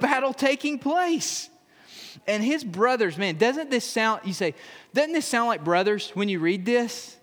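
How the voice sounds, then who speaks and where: A man's voice: extremely high pitch, a bit bright, long reverb tail. A man preaching a sermon. He reads scripture aloud, then explains it in a conversational way with touches of humor. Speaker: pastor.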